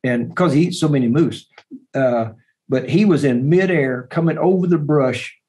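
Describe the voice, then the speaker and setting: Animated man telling a hunting story. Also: medium pitch, moderate pace, poor audio. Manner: animated storyteller, repeats words. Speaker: podcast guest, bowhunter. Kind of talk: hunting story told in an interview.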